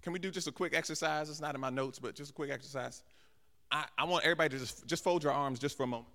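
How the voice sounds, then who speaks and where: Speaking very fast with a sharp tone and a fairly high pitch, a man serving as guest pastor delivers a live sermon, voicing the characters in the dialogue he relates. The setting is a church sanctuary with a balcony, and the hall's reverb is audible.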